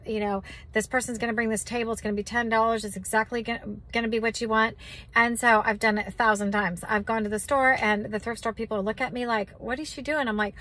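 A woman's voice: a little high, pushed and bright, rough recording. A woman giving a casual spoken teaching on hearing God, chatty and loose with fillers and restarts. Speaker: Christian teacher on prophecy.

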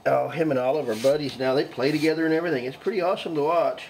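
A man's voice: a little high, very fast, vocal fry, a little mellow, a little hiss or hum. A middle-aged man in a casual morning vlog at home, speaking affectionately to his rescue dogs in baby-talk. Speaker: dog rescue operator.

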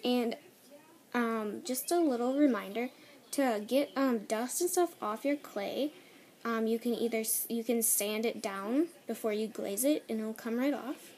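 A woman's voice: fairly high pitch, a little mellow, a little hiss or hum. A teenage girl vlogger chatting casually through an unboxing, bubbly and gushing, giggling often. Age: teens.

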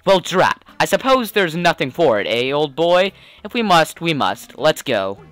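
A man voicing an elderly, gentlemanly male bomb creature who speaks in a formal, old-fashioned way. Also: on the high side, big pitch swings, measured pace, faint music behind. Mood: politely reluctant.

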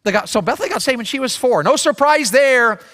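A man's voice: very high-pitched, expressive, fairly quick, a bit bright, in a large hall. A man preaching a sermon as pastor, emphatic, acting out prayers in a raised voice. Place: large church sanctuary.

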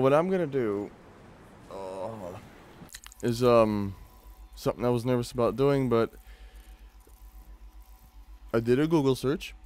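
A man's voice: medium pitch, darkish tone, smooth. A young man hosting a gaming video, chatting casually and reading game text aloud with mocking, laughing asides.

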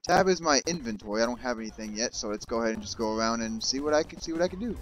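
A man giving casual let's-play commentary, excitable, yelling and swearing at characters in the game. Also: mid-range voice, rapid-fire, a little hiss or hum. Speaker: gaming YouTuber.

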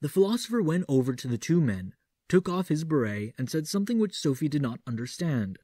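A man narrating an audiobook in a measured, theatrical manner, doing an impression of a classic horror-film actor. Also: a little high, sing-song, warm tone, dry recording, studio quality. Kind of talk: audiobook reading doing a Vincent Price impression.

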